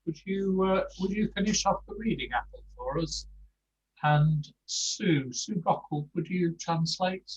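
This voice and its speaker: Older man, tutor, slow speech, hesitant, dull video-call audio. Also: a little high. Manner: hesitant, lots of ums. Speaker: course tutor. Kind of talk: leading a language class over a video call.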